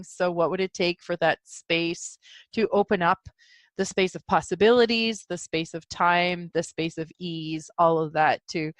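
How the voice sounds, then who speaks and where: Speaking on the low side with no echo, a woman rambles through her solo podcast about spiritual topics. She keeps yawning and giggling, clearly sleepy.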